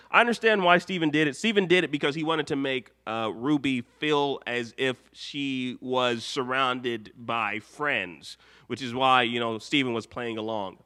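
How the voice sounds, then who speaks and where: A man's voice: fairly high pitch, normal speed, pushed and bright. A man hosting a live cartoon-commentary stream, rambling and correcting himself, now and then breaking into mock outrage. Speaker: live show host.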